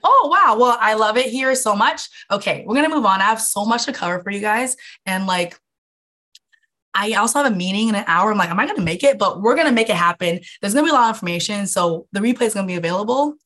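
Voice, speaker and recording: A woman's voice: medium pitch, fairly bright tone. A young woman hosting a live online masterclass as a wellness coach, bubbly and scattered, laughing often and swearing casually. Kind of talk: casual live-stream chat.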